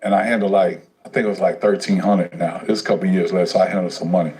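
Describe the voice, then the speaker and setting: A man telling his life story on a casual livestream, profane and streetwise, animated as he goes. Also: sits low, fast talker, rough recording.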